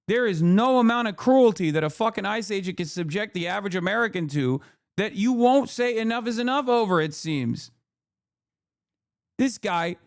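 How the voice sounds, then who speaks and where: A man in his thirties rants on a live stream, swearing constantly and stacking up angry rhetorical questions. His voice sits high for a man and stays sharp and heated. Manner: angry, profane, rapid-fire rhetorical questions. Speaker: political commentator streamer.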